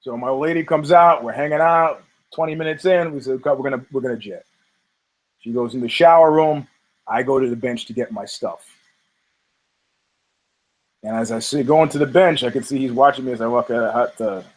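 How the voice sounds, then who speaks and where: A man hosting a podcast, telling a story in a casual, profane, animated way and acting out the people in it. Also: mid-range voice, brisk, pauses often, rough recording. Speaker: podcast host.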